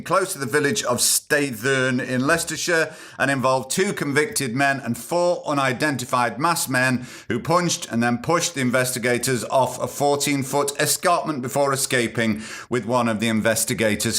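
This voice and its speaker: A man's voice: medium pitch, moderate pace, few pauses, pushed and bright. A man hosting a casual news podcast, reading stories aloud and adding cheeky, sarcastic asides. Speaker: podcast host.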